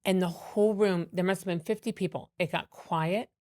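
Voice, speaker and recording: A woman comedian telling animated stories with many fillers and restarts in a podcast interview. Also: lowish voice, normal speed, dry recording, clean studio sound. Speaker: comedian guest.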